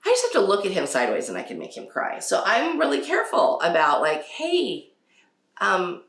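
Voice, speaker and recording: A woman's voice: mid-range voice, wildly swooping pitch, fast talker, a bit bright. A woman hosting a casual parenting talk. She laughs often and acts out quotes from her children. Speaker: podcast host. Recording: echoey room.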